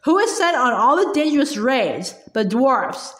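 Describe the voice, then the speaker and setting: A woman's voice: high voice, big pitch swings, measured pace. A woman reading the part of a bitter, defiant male dwarf in a cold, snapping manner, in a roomy space. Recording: roomy echo.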